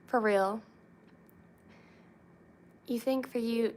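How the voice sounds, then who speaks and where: Slow, rambling young woman chatting. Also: a little high, a little mellow. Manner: rambling, many fillers and pauses. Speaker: streamer chatting with viewers. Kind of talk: casual chat.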